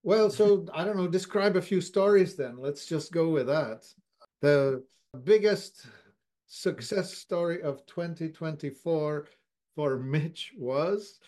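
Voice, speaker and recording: A man's voice: fairly high pitch, takes it slowly, mellow. A man hosting a casual interview, offering brief affirmations and loosely phrased questions.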